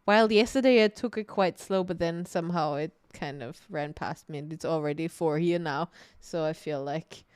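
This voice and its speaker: A woman's voice: deep voice, moderate pace, few pauses, clean tone, no echo. A woman co-hosting a podcast in casual chat, laughing often and swearing casually. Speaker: podcast co-host. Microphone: streaming mic.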